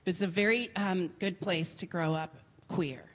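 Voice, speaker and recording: A woman from Portland, Oregon, performing a theatrical stand-up set with camp flair and sudden shouted rants. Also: fairly low pitch, fairly even intonation, moderate pace. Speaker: stand-up comedian. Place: comedy venue with a laughing audience. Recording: live stage mic, audience noise.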